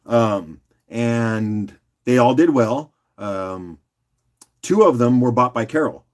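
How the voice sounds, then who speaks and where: A man hosting a casual live-stream rock auction, joking and chatting with viewers by name in a loose, unhurried way. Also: medium pitch. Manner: loose and unhurried, with fillers and restarts while doing other tasks.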